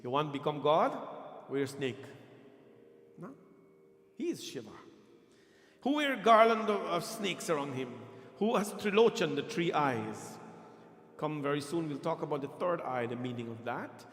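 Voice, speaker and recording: A man's voice: on the high side, animated, moderate pace, pauses often, fairly bright tone. A man speaking as a pandit, teaching a sermon and coaching Sanskrit pronunciation while teasing his congregation. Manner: playful, quizzes and teases the congregation. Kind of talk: temple sermon with teaching and chanting. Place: temple hall. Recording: echoey hall with music behind.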